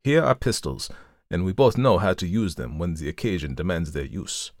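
A man voicing a calm, methodical male detective who reasons aloud in a measured, lecturing way, in an audiobook reading. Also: deep voice, dry recording, clean studio sound. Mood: reasoning.

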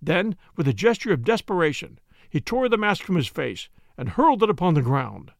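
A man giving measured, expressive scripted narration of a story. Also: fairly high pitch, gravelly, dry recording, studio quality. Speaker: audiobook narrator.

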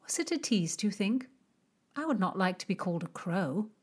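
A woman's voice: medium pitch, very animated, fairly quick, breathy edge. A woman voicing a guarded young female innkeeper in an audiobook, speaking formally and coolly polite. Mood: gentle. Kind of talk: audiobook character reading.

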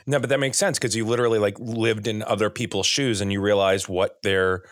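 A man hosting a podcast interview, chatty and self-deprecating, asking questions in a relaxed conversational way. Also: lowish voice, brisk, no echo, clean studio sound. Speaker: podcast host.

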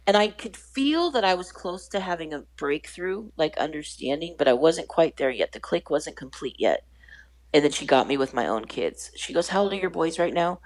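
A woman in her forties with a low, deep voice tells a personal faith story on a podcast. Her storytelling is animated, and she acts out the voices of other people as she goes. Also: moderate pace, poor audio. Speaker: guest.

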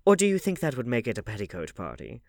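A man reading an audiobook, voicing a witty, cynical aristocratic gentleman with languid epigrams. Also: mid-range voice, huge pitch swings, quick pace, creaky, no echo, clean studio sound, voice pushed up. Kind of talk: audiobook character voice.

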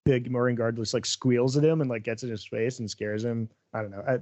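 A man's voice: medium pitch, fairly even intonation, a little fast, darkish tone. Rambling man in casual podcast chat. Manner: rambling, lots of "like" and "um" fillers. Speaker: podcast co-host. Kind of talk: casual chat recapping a TV episode.

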